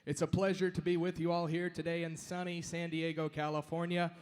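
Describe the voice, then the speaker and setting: High-pitched guy from washington, auctioneer, polite intro then rolling bid chant. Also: level tone, fairly quick, smooth. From Washington state, USA. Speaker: auctioneer contestant.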